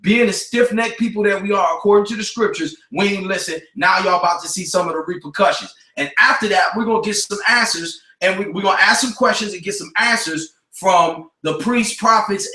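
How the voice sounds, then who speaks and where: A high, bright-voiced man hosts a talk radio show, preaching with force and hammering each point with repetition. He mixes street slang with scripture. He sounds a little off the mic, in an echoey room. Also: brisk, few pauses, distant mic.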